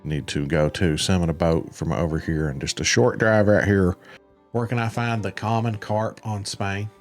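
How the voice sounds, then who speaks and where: A man's voice: sits low, moderate pace, soft background music. A man giving casual gameplay commentary as a game guide host, laid-back and rambling, with frequent fillers.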